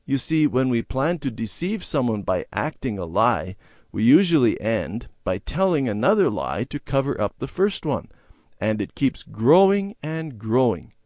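A man narrating a children's moral story in an expressive, sing-song reading style. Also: medium pitch, a little slow, no room sound, clean studio sound. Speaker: story reader.

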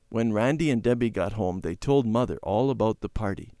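A man reading a children's Bible story aloud in a gentle, clear storytelling manner. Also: fairly low pitch, brisk, no room sound, clean studio sound.

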